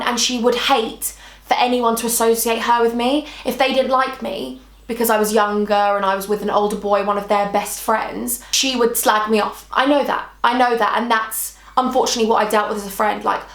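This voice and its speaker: A woman's voice: a little high, little pitch movement, moderate pace, fairly bright tone. A British woman in her twenties telling a storytime vlog, emotional and chatty, full of "like" and repeated phrases. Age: 20s. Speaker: vlogger. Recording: echoey room.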